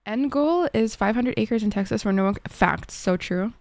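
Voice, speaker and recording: A woman's voice: on the high side, animated, normal speed, creaky, darkish tone, dry recording. A young woman from Egypt, a streamer chatting casually with viewers from her desk at home, filling her talk with "like" and swearing freely. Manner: chatty, lots of "like", frequent swearing. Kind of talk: casual chat answering viewers.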